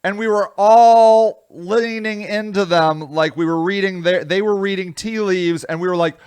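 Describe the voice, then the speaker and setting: An American man from the United States hosting a casual solo commentary vlog, rambling and self-deprecating, with a voice that swings widely in loudness. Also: high-pitched, moderate pace, few pauses, smooth. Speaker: vlogger, show host.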